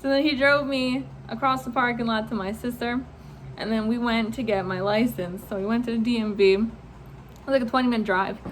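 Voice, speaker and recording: A young woman vlogger telling a story in a casual, animated way, laughing often, swearing freely and acting out what people said. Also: fairly high pitch, brisk, slight background noise.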